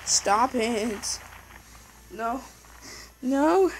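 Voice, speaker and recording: A young woman talks over her puzzle game in a high, bouncy voice, swinging wildly up and down. She gets excitable and scolds the game with strings of no's. Faint music plays underneath. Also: a little slow, poor audio. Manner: excitable, yelling at the game, repeating no. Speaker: gameplay commentator. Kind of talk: casual game commentary.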